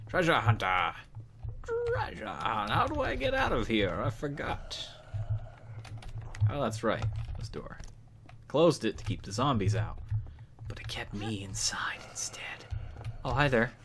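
There's slight background noise behind this let's play host, whose medium-pitched voice is a bit bright. He talks through the gameplay in a casual, joking way, irreverent and quick to swear.

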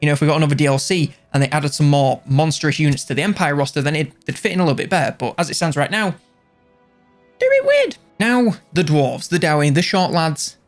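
A man's voice: fairly high pitch, fast talker, few pauses, faint music behind. A man giving casual, jokey video game commentary, rambling and correcting himself along the way.

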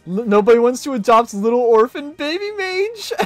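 Lively joking male streamer. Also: very high voice, a little slow, dry recording. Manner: joking, laughs often, mock British voice. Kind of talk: casual chat over a party game. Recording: faint music behind.

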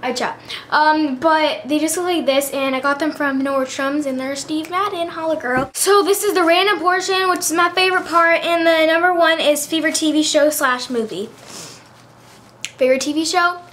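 Teen girl vlogging, high voice, bubbly and chatty, faint hiss behind her. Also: moderate pace, a bit bright. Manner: bubbly, chatty, lots of fillers. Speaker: beauty vlogger. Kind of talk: casual chat.

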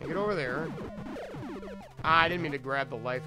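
A man's voice: a little high, over music, rough recording. A man streaming himself playing old console games, making running jokes and talking to his chat. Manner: joking, talks to chat, quick asides. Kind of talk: casual gameplay commentary.

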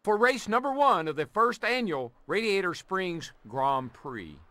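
A peppy race announcer in a racing game. His high, bright voice rises and falls with showman energy. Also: a little slow, no room sound, full character voice. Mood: hyped. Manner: lively announcer delivery. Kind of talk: race commentary.

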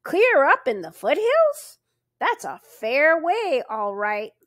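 A woman's voice: high-pitched, huge pitch swings, slow, a bit bright, dry recording, studio quality, voice pushed up, heavily acted. A woman voicing a chatty, suspicious rural male constable with a folksy drawl. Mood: folksy grumbling.

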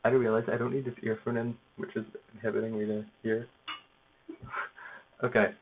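Low-voiced man on a noisy tinny line. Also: little pitch movement. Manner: self-deprecating, laughing, halting over foreign words. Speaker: language learner. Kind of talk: casual self-narrated study session. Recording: tinny phone-like noisy recording.

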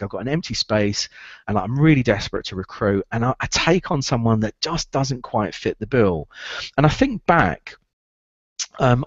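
A man's voice: medium pitch, dry recording, lo-fi sound. A man giving a recruitment training talk, emphatic and repetitive, driving points home.

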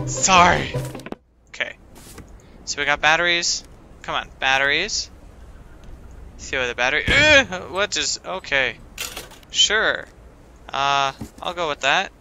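A man playing a video game and commenting casually. He talks to the game, flipping between shouting at it and muttering to himself. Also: a little high, animated, takes it slowly, vocal fry, long pauses. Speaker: let's play gamer. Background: game music.

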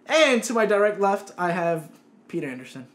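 A man's voice: sits high, very animated, moderate pace. A man hosting a casual gaming chat, rambling and often repeating words as he restarts his sentences. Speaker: host.

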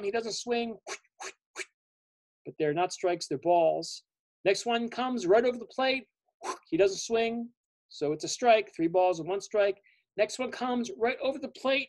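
A man, a children's author, telling his story to families at a library, lively and explaining terms simply. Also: sits high, no room sound. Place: library event.

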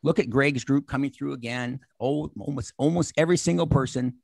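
A man in his sixties giving an energetic motivational talk on a video call, acting out the exchanges he describes. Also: medium pitch, fairly quick, creaky, no echo. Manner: animated, acts out quoted exchanges. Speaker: motivational speaker.

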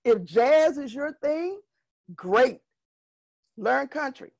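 A middle-aged woman, a vocal music educator, giving a workshop talk and telling anecdotes in an animated way, acting out the voices of students and parents. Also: high-pitched, very slow, no echo.

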